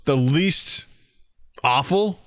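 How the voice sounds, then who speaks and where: A man co-hosting a podcast in casual, joking chat, animated and quick to act out stories. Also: fairly high pitch, no echo. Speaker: podcast co-host.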